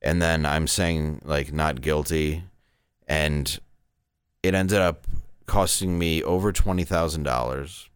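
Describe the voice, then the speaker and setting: A man's voice: a bass voice, unhurried, clean tone, no room sound, clean studio sound. A man in his thirties, a stand-up comedian, telling candid, rambling stories in a casual interview.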